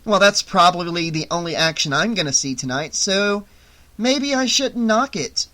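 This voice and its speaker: A reader voicing a crude, teasing teenage girl in an audiobook, loud and shrill in quick bursts. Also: expressive. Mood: gossipy. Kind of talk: audiobook character voice.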